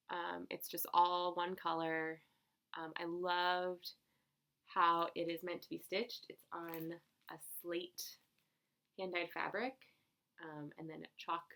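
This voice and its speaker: A young woman chats casually in a vlog about her cross-stitch finds, rambling in a relaxed way. Her low voice has plenty of vocal fry, and she giggles and uses fillers along the way.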